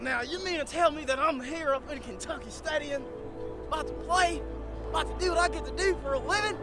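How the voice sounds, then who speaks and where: Very high-voiced hyped-up young man. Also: a little fast, music in the background. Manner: loud, slangy, boisterous hype talk. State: cold at the field. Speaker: college football player. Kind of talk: hyped-up joking to camera. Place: outdoor football field.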